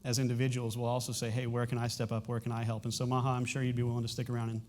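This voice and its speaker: Middle-aged man pastor, plain mid voice, halting and emotional, lots of restarts, church sermon. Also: medium pitch, completely flat delivery, a little mellow, faint music behind. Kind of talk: sermon announcements and personal testimony. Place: church sanctuary.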